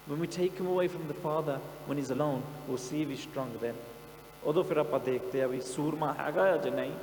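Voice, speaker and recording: A man's voice: fairly high pitch, darkish tone. A man with a British Punjabi accent telling a story as a sermon, impassioned and dramatic, mixing in Punjabi phrases. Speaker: preacher. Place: outdoor camp hall. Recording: echoey hall with mains hum.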